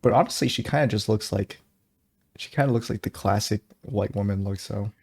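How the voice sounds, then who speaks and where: Low gravelly young man, teasing. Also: a little fast, darkish tone. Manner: teasing, dry joking. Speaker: podcast co-host. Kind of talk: casual chat.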